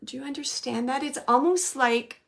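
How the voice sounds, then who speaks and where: A woman working as a medium, giving a live online reading from home in a gentle, reassuring way with many fillers and restarts. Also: sits high, normal speed, vocal fry. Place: home, with a small dog nearby.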